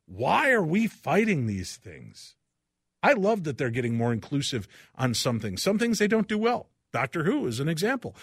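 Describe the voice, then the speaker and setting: A middle-aged man hosting a talk radio show, speaking with passion that swings from loud outbursts to quiet reflection, into a studio microphone. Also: fairly high pitch, no room sound.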